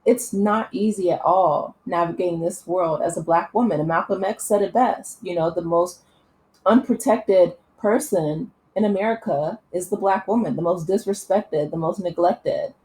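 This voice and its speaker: A woman's voice: lowish voice, normal speed, a little mellow, low-quality recording. A woman vlogger giving impassioned, earnest opinion commentary, with many fillers and restarts.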